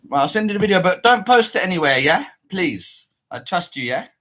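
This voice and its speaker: A man's voice: high voice, sing-song, brisk, bright, forceful tone. A man chatting casually with viewers on a livestream, rambling and swearing as he potters about. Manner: rambling and profane, mutters to himself.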